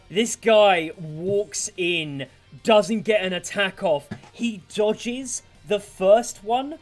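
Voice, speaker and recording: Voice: mid-range voice, very slow. A game master narrating a tabletop fight in vivid, gory detail over faint background music.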